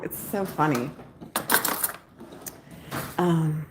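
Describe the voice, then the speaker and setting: A chatty woman with a slightly low voice talks casually to her camera at home in the morning. She rambles from thought to thought, laughs easily and talks to her cat, with a faint hiss of noise behind her. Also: measured pace, pauses often. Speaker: travel vlogger.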